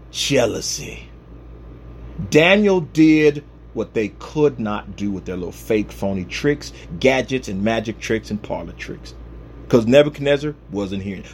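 A man's voice: mid-range voice, slight background noise. A man preaching a humorous, conversational sermon, retelling Bible stories with comic asides.

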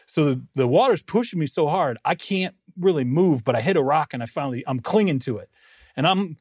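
A man co-hosting a sports podcast, telling a story in lively casual chat and laughing often. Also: a little high, a little fast, breathy edge, no room sound, studio quality. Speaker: podcast co-host, NFL writer.

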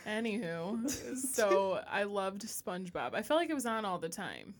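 A woman's voice: mid-range voice, very animated, normal speed. A woman co-hosting a podcast in casual chat, playful and emphatic, often laughing. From United States. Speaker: podcast co-host.

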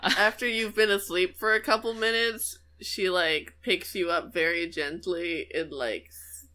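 A woman playing a tabletop game, giggly and animated as she describes her character's actions. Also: on the low side, measured pace. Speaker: player. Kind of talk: casual chat, tabletop role-play.

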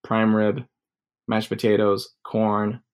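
A man's voice: lowish voice, completely flat delivery, slow, a little mellow, clear, resonant tone. A man in his twenties telling a personal story casually, rambling with many fillers. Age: 20s.

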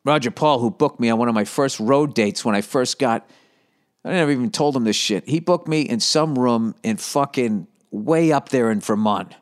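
A man in his fifties talks alone into a podcast mic at an ordinary pitch. He rambles from story to story, cursing freely. His delivery is animated and full of side remarks. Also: moderate pace. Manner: profane, animated storytelling with asides. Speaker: podcast host. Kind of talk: rambling solo comedy podcast.

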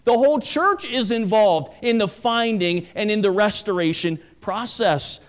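A man's voice: expressive, measured pace. A male pastor preaching a sermon, reading Scripture and stressing key words with sweeping emphasis. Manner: emphatic preaching with dramatic pitch swings.

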